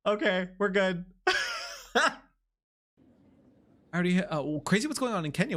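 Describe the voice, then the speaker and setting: A game streamer giving casual live commentary, giggly and excitable, talking directly to chat. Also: mid-range voice, normal speed, pauses often.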